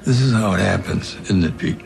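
A gravelly, very deep-voiced weary man. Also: brisk. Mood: grim.

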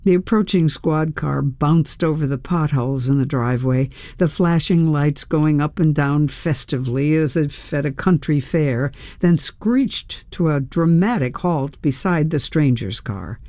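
Slow measured audiobook reader, dry booth sound, tense first-person story. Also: mid-range voice, dark tone, no room sound. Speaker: audiobook narrator. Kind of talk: first-person scripted narration.

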